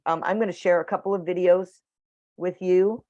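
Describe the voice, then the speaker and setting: Woman w a lowish voice running an online dog training class, dull dry call audio. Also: fairly even intonation, normal speed, dark tone, no room sound. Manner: chatty, upbeat, matter-of-fact. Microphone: video call.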